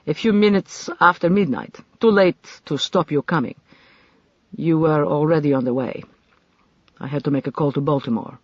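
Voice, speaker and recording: An audiobook narrator voicing a burly, blunt male carnival manager in short, clipped lines, with a dry, husky tone on a dull recording. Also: mid-range voice, normal speed, no room sound, lightly acted.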